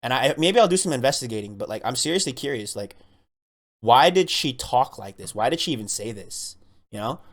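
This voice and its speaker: A man's voice: medium pitch, lively intonation, fairly quick. Laid-back, curious podcast guy. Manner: laid-back, curious, agrees with lots of yeps and that's what I'm saying. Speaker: podcast co-host. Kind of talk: casual podcast argument.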